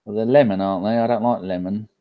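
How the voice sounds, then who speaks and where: A man's voice: on the low side, fairly even intonation, quick pace, dull audio. Jokey Englishman bantering on a football podcast. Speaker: podcast panelist. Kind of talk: casual football podcast chat.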